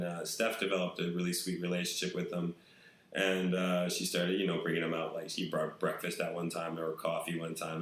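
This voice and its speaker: A man's voice: low-pitched, a bit bright, reverberant, poor audio. A man hosting a podcast, telling rambling stories in casual chat and swearing freely. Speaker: podcast host.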